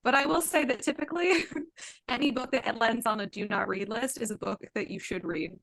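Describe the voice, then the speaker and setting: A woman hosting a book podcast, talking in a lively, opinionated way and laughing often. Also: a little high, brisk, no echo. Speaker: podcast host. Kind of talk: casual chat.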